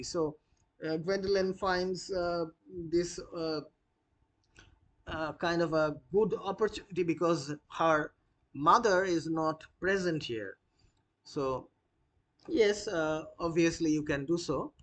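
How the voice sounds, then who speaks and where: A man explaining a play to students, pausing often with fillers as he explains. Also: fairly high pitch, fairly bright tone. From India. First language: Bengali. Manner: hesitant, many uh fillers, unhurried explaining. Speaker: literature lecturer.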